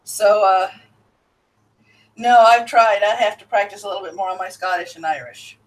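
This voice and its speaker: A woman's voice: medium pitch, fairly even intonation, normal speed, recorded from a distance, rough recording. A woman hosting a casual live-stream show, chatting, laughing often and answering her chat.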